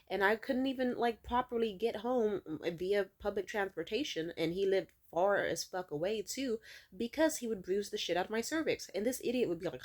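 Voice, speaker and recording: A young adult woman venting to camera in a casual vlog, blunt and profane, telling her story with animated emphasis. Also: medium pitch, moderate pace. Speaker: vlogger.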